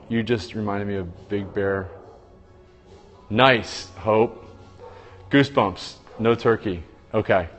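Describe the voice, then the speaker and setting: A man's voice: medium pitch, a bit bright, long reverb tail. Chatty man hosting a phone livestream. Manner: chatty, reads viewer comments aloud and greets viewers by name. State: tired after a long day. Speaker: livestream host. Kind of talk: casual livestream chat.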